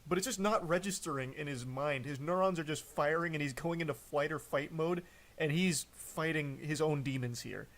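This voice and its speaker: A man's voice: a little high, moderate pace, fairly bright tone. Mocking, incredulous male streamer. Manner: incredulous, mocking commentary with frequent swearing. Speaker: streamer reacting to text messages. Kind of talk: live-stream reaction commentary.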